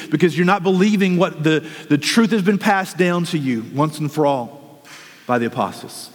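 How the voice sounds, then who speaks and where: A man's voice: on the high side, animated, normal speed, in a large hall. A man preaching a sermon as a pastor, earnest and urgent, telling vivid stories.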